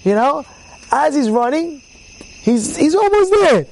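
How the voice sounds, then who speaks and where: A man with a notably high voice leads an informal Torah class as a rabbi. He talks in a lively, storytelling way, repeating words for emphasis and loudly acting out the people in his stories. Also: slow, creaky, rough recording.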